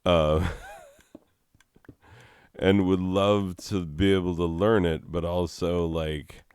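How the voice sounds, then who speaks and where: A man with a very low, smooth voice drifts slowly through stoned gameplay commentary, giggling and swearing as he rambles. The sound is dry and close. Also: fairly even intonation, a little mellow, dry recording. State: high. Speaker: gaming video host.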